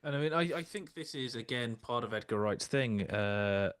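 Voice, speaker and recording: A man's voice: medium pitch, animated, moderate pace, a bit bright, clean tone, no room sound. A man in a casual film discussion, talking at length with many fillers and hedges. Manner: rambling, heavy use of "kind of" and "you know". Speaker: podcast co-host.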